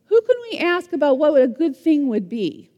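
A woman voicing an eager, commanding king in a retold Bible story, in an animated, exclaiming way. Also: sits high, normal speed, muffled recording. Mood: puzzled. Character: eager commanding Persian king, adult man. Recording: long hall reverb.

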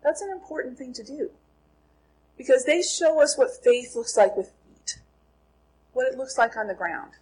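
Speaking to a group in a Bible class, a middle-aged Minnesota woman asks questions and answers them herself. Her high-pitched voice is expressive, slightly rough, and darkish in tone, at a moderate pace with frequent pauses, and the audio is poor.

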